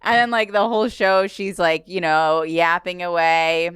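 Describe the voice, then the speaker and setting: A woman comedian hosts a casual podcast chat and tells a long story. Her voice is smooth and clear, recorded close and dry. She acts out other people's lines by jumping up into a high, bright tone. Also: steady tone, unhurried, no room sound. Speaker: podcast host.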